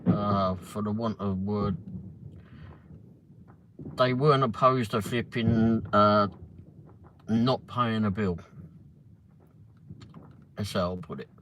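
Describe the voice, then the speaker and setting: A man's voice: fairly low pitch, takes it slowly, long pauses. A man hosting a livestream, telling a long story in a rambling way with constant swearing and frequent restarts. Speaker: livestream host. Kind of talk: casual storytelling. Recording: noisy ambience behind voice.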